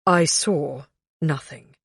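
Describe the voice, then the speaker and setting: A woman's voice: low-pitched, creaky, breathy edge, dry recording, studio quality, heavily acted. A woman reading an audiobook, voicing a nervous male servant, a bird turned into a man, who talks hesitantly and fidgets. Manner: hesitant and fidgety, then rushed.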